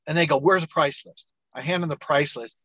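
A middle-aged man, an entrepreneur guest on an interview show, telling his story with lively acted-out dialogue. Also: fairly high pitch, brisk, no echo, muffled recording. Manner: animated storyteller, acts out quoted dialogue.

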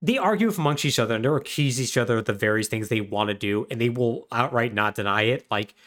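This podcast co-host is a man with a mid-range, slightly bright voice and a quick pace. He's casually recapping a video game plot, retelling the story with wry humor and plenty of fillers.

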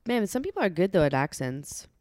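Young woman, low voice, deadpan banter. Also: a little fast, dry recording, studio quality. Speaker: podcast co-host. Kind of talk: casual chat.

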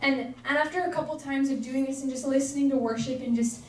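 High-voiced young woman preaching. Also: fairly even intonation, quick pace, a little mellow. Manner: earnest, chatty, filler-heavy "like". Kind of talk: casual sermon. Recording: echoey room, voice from far off.

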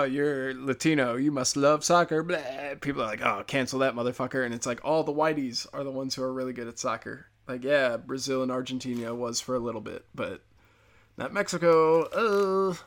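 American podcast guy going off, sarcastic and swearing a lot, kinda gravelly fry in his voice. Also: medium pitch, bright, forceful tone. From United States. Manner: profane, sarcastic, opinionated. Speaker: podcast host. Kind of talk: casual comedic rant.

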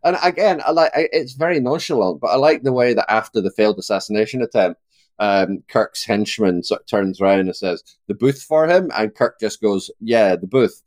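A man co-hosting a podcast in casual chat, animated and laughing often as he acts out quoted lines. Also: on the low side, fairly quick, no echo, studio quality. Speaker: podcast co-host.

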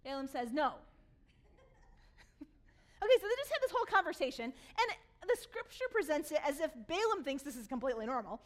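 High-voiced woman pastor preaching. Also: moderate pace, long pauses. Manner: animated storytelling with laughter, retelling scripture. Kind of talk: sermon.

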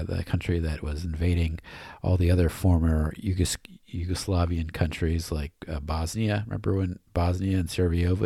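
A man's voice: low-pitched, vocal fry, darkish tone, dry recording, clean studio sound. A man hosting a podcast, rambling through casual, joking commentary with lots of fillers and frequent laughs. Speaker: podcast host.

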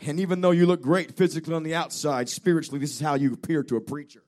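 A man's voice: on the high side, steady tone, rapid-fire, darkish tone. A man preaching a fervent, declamatory revival sermon as a traveling evangelist in a church. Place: church during a revival service.

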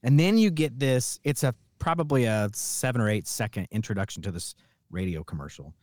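A man's voice: medium pitch, a little fast, no echo, clean studio sound. A middle-aged man hosting a podcast, chatting casually and telling stories with emphasis. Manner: animated storyteller, emphatic. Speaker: podcast host. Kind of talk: casual chat.

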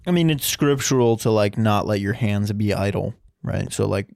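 A young man co-hosting a casual podcast, relaxed and rambling with lots of fillers. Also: on the low side, normal speed, gravelly, dry recording, clean studio sound. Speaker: podcast co-host.

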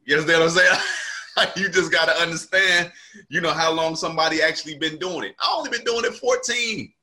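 Casting note: male comedian, bright, fairly high voice, lively storyteller who plays out every quote. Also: a little fast. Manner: animated storyteller acting out quotes. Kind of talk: casual storytelling chat.

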